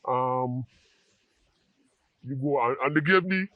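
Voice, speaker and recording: A man tells his personal story in an interview, earnest and halting, often repeating words as he searches for them. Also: mid-range voice, muffled recording. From Barbados. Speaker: interview guest in addiction recovery.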